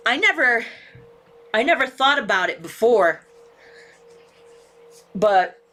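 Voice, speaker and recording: Talking slowly in a sing-song voice that is a little high, pushed, and bright, a woman hosts a casual livestream from a home room with a ceiling fan. Near tears and frustrated, she swears constantly while speaking to viewers.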